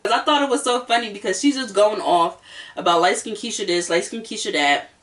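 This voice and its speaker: A woman's voice: mid-range voice, a little fast, distant mic. A woman hosting a casual reality-show review, sassy and emphatic, hammering her points home by repeating them. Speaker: host.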